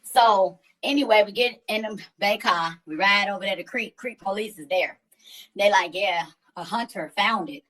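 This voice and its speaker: A woman's voice: mid-range voice, normal speed, a bit bright, rough recording. A woman who hosts a livestream, telling a story in casual, profane, slang-heavy chat. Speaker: livestream host.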